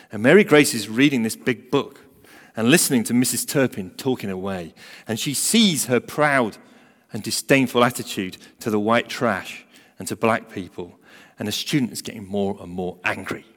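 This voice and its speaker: A man of middle pitch delivers a sermon, telling a story with emphatic swings between forceful and hushed delivery. His voice carries a long reverb, as if heard in a large hall. The pacing shifts as he builds and releases tension. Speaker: preacher.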